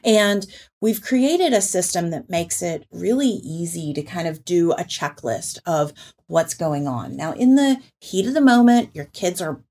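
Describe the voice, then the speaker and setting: A woman hosts a parenting podcast, talking through her ideas in a relaxed, chatty way. Her voice sits on the low side. She acts out what other people say with quick little put-on voices. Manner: explanatory, animated, quotes people in put-on voices. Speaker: podcast host and parenting author. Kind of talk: casual podcast chat.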